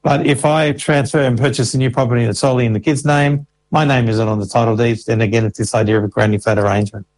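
A man with a middle-pitched voice explains rules in an interview. He is patient and methodical and walks through each case with examples. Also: fairly even intonation, fast, few pauses, a little mellow, rough recording. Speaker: Services Australia financial information officer.

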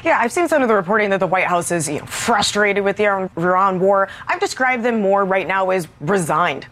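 A woman White House correspondent reporting on a TV panel, quick with many "you know"s and "uh"s. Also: mid-range voice, animated, fairly bright tone, a little hiss or hum.

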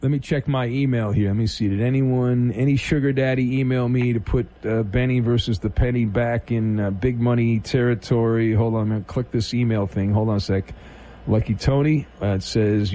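A man hosting a sports call-in radio show, deadpan and teasing, often restarting his sentences. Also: medium pitch. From Southern California. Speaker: sports talk radio host.

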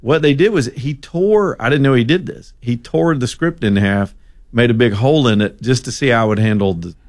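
A male radio host from Alabama, telling stories in an animated, ad-libbing talk radio manner and reading a sponsor plug. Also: medium pitch, brisk, no room sound, clean studio sound. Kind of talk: talk radio chat and storytelling.

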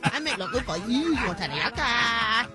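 A man's voice: very high-pitched, big pitch swings, normal speed, loud music behind the voice, pitched above the performer's own voice. A man voicing a chatty middle-aged nail salon lady in a sing-song, teasing manner.

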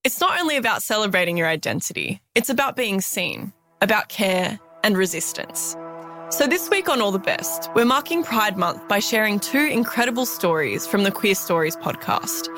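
Aussie lady radio host reading her intro, earnest n measured, soft music underneath. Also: mid-range voice, very animated. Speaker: radio presenter. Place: radio studio.

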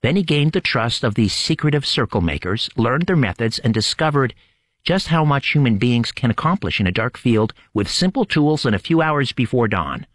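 A man hosting a late-night radio show, opening with dramatic, measured storytelling narration. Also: mid-range voice, animated, dry recording, clean studio sound.

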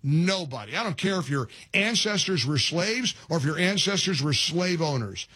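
Husky-voiced male talk radio host. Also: on the high side, no echo, studio quality. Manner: animated, repeats words, quick laughs. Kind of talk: talk radio with live ad reads.

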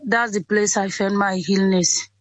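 A woman in her twenties with a Sierra Leonean accent, telling her story in an interview in simple, halting sentences that often repeat. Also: medium pitch, steady tone, no room sound, lo-fi sound. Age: 20s. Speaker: interviewee, Ebola survivor. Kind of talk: interview over a phone or call.

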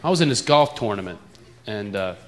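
A man's voice: lowish voice, lively intonation, fairly quick, very noisy. East Coast comedian man with a crowd. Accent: East Coast American. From eastern United States. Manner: jokey, plays with his own accent. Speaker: stand-up comedian. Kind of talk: stand-up routine on stage. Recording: live club with loud audience.

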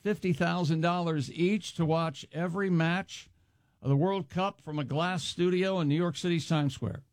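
A man's voice: on the high side, steady tone, dry recording, clean studio sound. A man co-hosting a morning radio show, reading news items with fillers and jokes. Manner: quick news reads broken by fillers and jokes. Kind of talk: casual morning radio banter.

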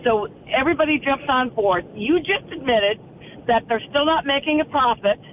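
A man's voice: very high-pitched, lively intonation, moderate pace. A male caller on a radio show voicing his worry, asking question after question. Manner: worried, questioning. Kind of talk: call-in radio talk. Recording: tinny phone line with faint noise.

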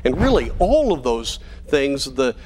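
A pastor delivering a sermon to parents in an earnest, measured way, slowing down on key phrases for emphasis. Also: male voice, mid-range voice, sing-song, darkish tone.

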